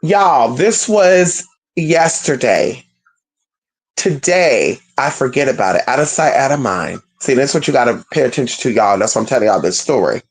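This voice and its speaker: A spiritual vlogger telling a story to viewers in a casual, profane, slangy way, talking straight to "y'all". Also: medium pitch.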